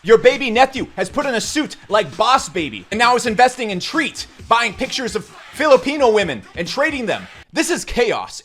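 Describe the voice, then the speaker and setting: Brash, mocking young man ranting. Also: high voice. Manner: brash, mocking, swings between loud outbursts and mutters. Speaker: crypto YouTuber. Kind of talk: sarcastic rant to camera.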